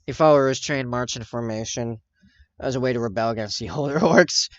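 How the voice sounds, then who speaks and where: Here the streamer talks fairly quickly in a medium pitch, recorded dry. He chats with viewers as he paints miniatures, rambling, laughing often and correcting himself, over dull, dry lo-fi stream audio.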